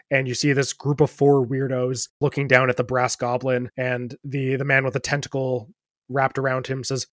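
A man's voice: medium pitch, no room sound. Dry-voiced male game master. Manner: descriptive, relaxed, laughs often. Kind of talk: narrating a tabletop game.

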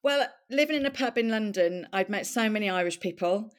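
A woman's voice: medium pitch, lively intonation, fairly quick. A middle-aged woman from Wales, a podcast guest telling her life story in a chatty, candid way and laughing often. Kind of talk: conversational storytelling.

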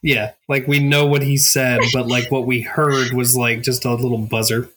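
A player in a tabletop game speaks casually and hesitantly, with lots of fillers. The recording carries a clear hiss of noise underneath. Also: mid-range voice, level tone, moderate pace.

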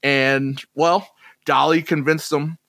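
A man's voice: on the high side, level tone, takes it slowly, bright, forceful tone, dry recording. A man co-hosting a podcast, chatting casually about old chart songs with asides. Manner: chatty, conversational, trails into asides. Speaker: podcast co-host.

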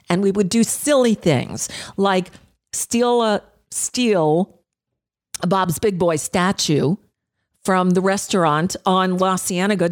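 A middle-aged woman hosting her own talk radio show, spinning anecdotes in a loose, conversational flow. Her voice sits a bit low for a woman, and she keeps dropping little fillers as she goes. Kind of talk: casual storytelling monologue.

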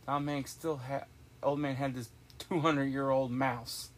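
A man's voice: medium pitch, steady tone, a little slow, a little hiss or hum. A man hosting a podcast in casual chat, rambling and enthusiastic with lots of restarts. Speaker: podcast host.

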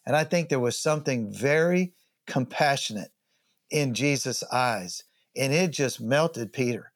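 A male pastor preaching a sermon in a conversational way, often asking his listeners questions. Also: mid-range voice.

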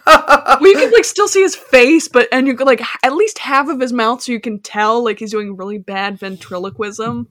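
A woman co-hosting a podcast, teasing the others with quick questions in casual chat. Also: fairly high pitch, a bit bright. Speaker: podcast co-host.

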